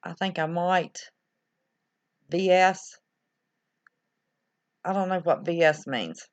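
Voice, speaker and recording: A lowish-voiced woman speaks slowly as she hosts a casual livestream, reading out viewer chat and rambling in reaction. Expect slightly dull, lo-fi audio.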